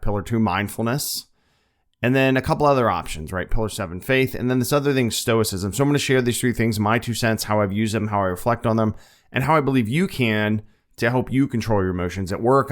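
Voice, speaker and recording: Earnest low-voiced man talking casually. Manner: earnest, plain-spoken, frequent "right?" asides. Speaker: podcast host. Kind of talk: casual monologue.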